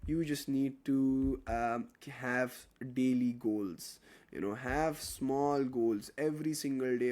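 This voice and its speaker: A young male tutor talks to his online class in a loose, chatty way. He jokes with the students, reads their questions aloud and answers them. His pitch sits in an ordinary middle range for a man. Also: slow pace, darkish tone. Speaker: chemistry tutor.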